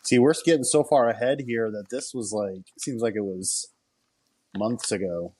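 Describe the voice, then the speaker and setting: Low voiced guy on a podcast, relaxed, kinda halting, just chatting. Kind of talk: casual chat.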